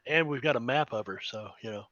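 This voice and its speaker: Man player in a tabletop game, easygoing, bright voice, slightly muffled chat audio. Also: medium pitch, fast talker. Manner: casual, easygoing banter.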